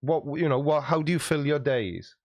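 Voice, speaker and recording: A man's voice: fairly high pitch, moderate pace, no room sound, lo-fi sound. A man hosting a livestream, chatting in a jokey, self-deprecating way as he reads out viewer comments. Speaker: YouTube host.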